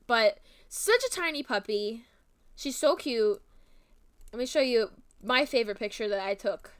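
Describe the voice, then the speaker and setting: A woman's voice: on the high side, unhurried, clear, resonant tone. A young woman streamer gushing and rambling with fillers in casual stream chat.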